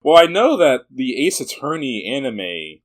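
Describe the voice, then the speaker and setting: A man's voice: medium pitch, sing-song, a little slow. A man co-hosting a podcast in casual chat, musing with strong opinions and laughing easily. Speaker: podcast co-host.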